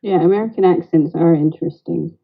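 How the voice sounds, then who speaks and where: A woman's voice: lowish voice, brisk, creaky. Mancunian woman on a dull call line. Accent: Northern English, Greater Manchester. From England. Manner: chatty, laughs easily. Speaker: caller. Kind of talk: casual chat. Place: garden outdoors in rain.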